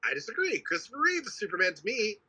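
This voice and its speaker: A man with a very bright, edgy voice and a husky grain, talking fast and heatedly as a podcast co-host. He swears freely and circles back over his points, his pitch sitting a little high. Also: wildly swooping pitch, poor audio. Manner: heated, swears often, repeats himself. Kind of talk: casual chat.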